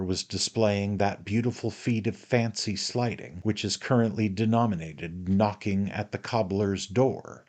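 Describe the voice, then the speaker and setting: Male narrator, measured storyteller, somewhat low voice, reading classic fiction. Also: a little mellow. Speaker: audiobook narrator. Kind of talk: reading a classic novel aloud.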